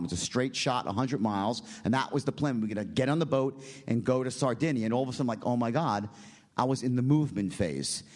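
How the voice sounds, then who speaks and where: A middle-aged man tells a long story in loose, rambling fashion at a mid-range pitch. He swears freely, keeps checking in with a quick "right?", and gets animated, his voice leaping up whenever he quotes someone. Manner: animated, jumps in pitch when quoting people. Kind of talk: casual spoken anecdote.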